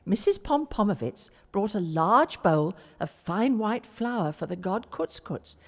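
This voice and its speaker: A woman voicing a cheeky, quick-witted young lad in a storybook reading. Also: medium pitch, very animated, in a large hall. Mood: sly. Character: sly clever young lad.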